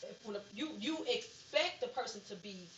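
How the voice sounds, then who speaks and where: A woman's voice: fairly high pitch, lively intonation, normal speed, a bit bright, a little hiss or hum. A middle-aged woman hosting a podcast, talking candidly and with emphasis in a casual chat, often calling her listeners girl and baby. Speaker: podcast host. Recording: roomy, muffled, distant, crowd behind.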